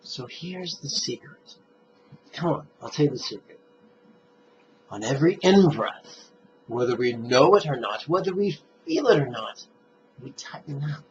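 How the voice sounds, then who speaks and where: Slow, deliberate man teaching meditation. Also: medium pitch, animated, darkish tone. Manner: slow, deliberate, emphatic phrasing. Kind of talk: guided meditation instruction. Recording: dull lo-fi recording with faint noise.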